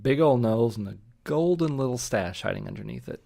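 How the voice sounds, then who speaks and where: A man's voice: mid-range voice, animated, fairly quick, vocal fry, warm tone. A man co-hosting a podcast, recapping a book in casual chat with jokes and frequent laughs. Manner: joking, laughs often.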